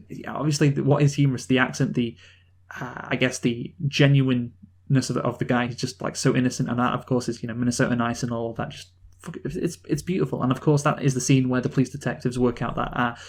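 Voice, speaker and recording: A man co-hosting a casual film review chat, rambling with many restarts and quick laughs. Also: medium pitch, steady tone. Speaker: podcast co-host.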